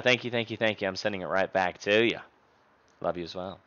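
A man's voice: low-pitched, brisk, sharp tone, highs cut off. A man in his twenties streaming live, chatting playfully and thanking viewers by name. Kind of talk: casual stream chat.

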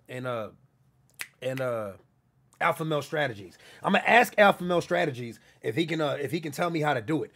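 A young man talking fast on a casual livestream, his fairly high voice gravelly and a bit husky. He is hyped and profane, leaning on the same catchphrases again and again. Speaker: livestream host.

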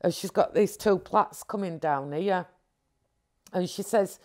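A woman tells a long story from her own life to an interviewer. She rambles and restarts often, with the animated, candid manner of someone reliving what happened. Her voice sits at an ordinary middle pitch for a woman. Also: unhurried.

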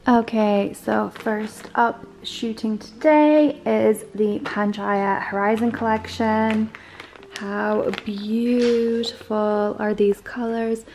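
A woman's voice: fairly high pitch, steady tone, takes it slowly, darkish tone, a little hiss or hum, poor audio. Bubbly chatty young woman vlogger. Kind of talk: casual vlog chat to camera.

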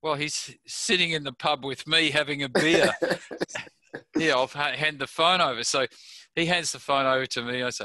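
Man, older, Australian accent, anecdotal, chuckling, bright tone, dry recording. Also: mid-range voice, fairly even intonation, unhurried, no echo. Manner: chatty anecdotal, laughing at his own stories. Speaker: interview guest. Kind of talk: casual storytelling interview.

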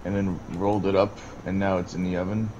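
A man's voice: low-pitched, level tone, fast talker, muffled recording, background noise. A man chatting casually with a friend while gaming, sounding tired and laid-back.

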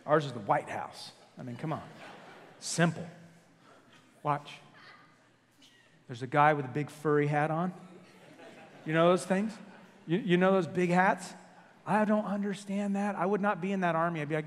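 Joking pastor with a high-ish voice. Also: male voice, normal speed, long pauses, long reverb tail. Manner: jokey, animated storytelling with self-corrections. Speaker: senior pastor. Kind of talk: sermon. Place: church sanctuary.

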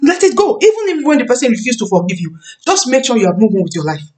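A woman in her thirties preaching a sermon on marriage, emphatic, repeating key phrases and slowing down to stress words. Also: fairly high pitch, lively intonation, a little mellow. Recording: voice a bit far from the mic.

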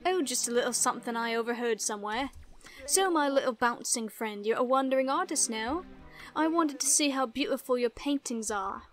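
Woman putting on a sly young man with a British accent, teasing, theatrical, high voice. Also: brisk, soft background music, lightly acted. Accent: British put-on. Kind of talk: reading game dialogue aloud.

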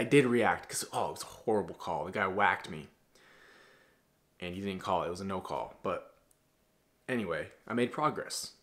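A young man in his twenties lectures in a blunt, preachy way, full of casual slang. His voice sits a little low as he coaches other men on how to carry themselves. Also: fairly bright tone. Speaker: masculinity coach. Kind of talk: casual motivational monologue.

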